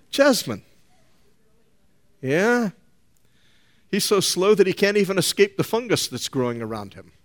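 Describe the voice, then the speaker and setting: Slow-spoken preaching man. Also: fairly high pitch. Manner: folksy, teasing asides to the congregation. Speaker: pastor. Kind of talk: sermon.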